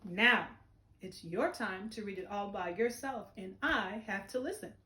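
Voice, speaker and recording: Woman teacher, slow and bright-pitched, sing-song encouraging delivery, roomy echo on the recording. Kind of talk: remote phonics lesson for young children.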